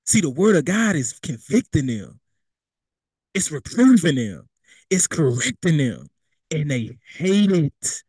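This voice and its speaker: A man's voice: a little high, very animated, takes it slowly, a little mellow, slightly rough, no room sound. A young man preaching a sermon, talking plainly and conversationally, slipping into casual street phrasing and acting out what people say. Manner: conversational preaching with vernacular asides and quoted voices.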